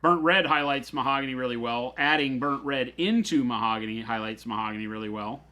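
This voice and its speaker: A man's voice: medium pitch, brisk, sharp tone. Joking man hosting a hobby livestream. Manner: joking, playful, self-mocking. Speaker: host. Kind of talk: casual livestream chat. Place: hobby shop studio.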